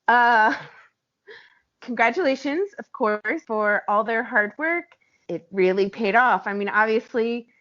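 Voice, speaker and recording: A woman's voice: mid-range voice, a bit bright, no echo. A woman co-hosting a fan podcast, talking earnestly and laughing often. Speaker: podcast co-host. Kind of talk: casual fan podcast chat. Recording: dull lo-fi dry recording.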